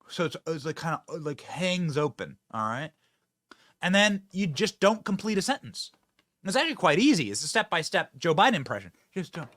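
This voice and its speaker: Energetic, emphatic man hosting commentary. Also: high voice, a little fast. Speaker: host. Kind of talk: political commentary.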